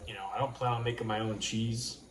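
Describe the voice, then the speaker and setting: A man from New York hosting a casual livestream chat, rambling and halting as he talks. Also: medium pitch, flat delivery. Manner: rambling, halting, full of restarts. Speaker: livestream host. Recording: roomy room with faint noise.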